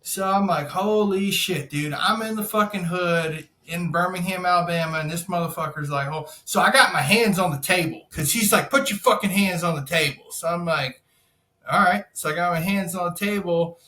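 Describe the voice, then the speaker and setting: On a podcast, an insurance broker appearing as a guest spins a wild, casual tale, cursing freely and performing the other people's lines with lots of animation. His voice is high-pitched at a moderate pace, and the room gives it a reverberant quality.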